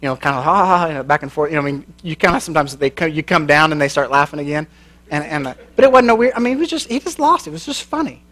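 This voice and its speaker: A man with a rather high voice preaches to a church crowd. He tells his story in a loose, folksy way, cracks jokes and laughs at his own lines. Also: animated, very fast, a bit bright. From American Midwest. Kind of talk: sermon with storytelling.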